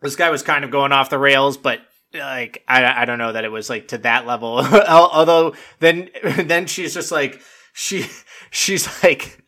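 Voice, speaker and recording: Young male podcast host, casual rambling recap, bright forward tone, swears freely. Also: mid-range voice, measured pace. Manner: rambling, profane, full of "like" and laughter.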